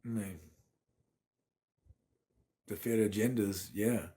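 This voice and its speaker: A man's voice: lowish voice, steady tone, very slow, dark tone, husky. A man, chatting casually on a phone livestream from his apartment and thanking viewers by name. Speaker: livestream host.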